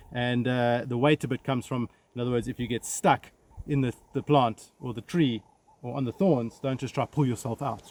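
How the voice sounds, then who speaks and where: Riding in a vehicle through the bush, a ranger whose first language is English gives a casual nature talk to viewers. His mid-range voice stays relaxed and chatty, full of fillers and self-deprecating remarks, over a noisy field recording with constant outdoor noise.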